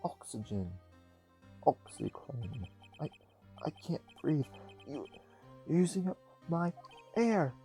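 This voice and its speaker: A man voicing a panicked man trapped in the dark, shrill, pleading and breathless. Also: lively intonation, slow, long pauses, soft background music. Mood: frenzied.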